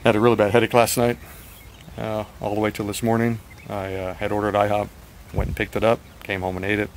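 A man chatting in a rambling, frank video diary, slightly raspy and short of breath. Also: on the low side, completely flat delivery, a little fast, slight background noise, low-quality recording. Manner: rambling, frank, swears at times. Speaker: vlogger.

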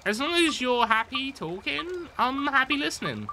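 A live streamer giving casual gameplay commentary, chatty and excitable, swearing casually while talking to a friend on call. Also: high voice, normal speed, noisy background.

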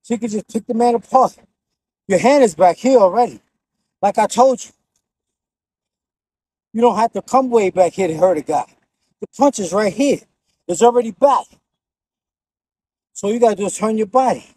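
A man's voice: high-pitched, normal speed, pauses often, a little mellow, breathy edge, no room sound, low-quality recording. A man with a New York accent giving casual, blunt and profane boxing tips while he demonstrates the moves. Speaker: boxing instructor.

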